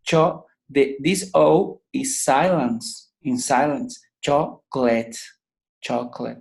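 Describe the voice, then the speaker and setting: Slow, patient male English teacher. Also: mid-range voice, vocal fry, darkish tone. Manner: repeats each word slowly to drill pronunciation. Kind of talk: pronunciation lesson.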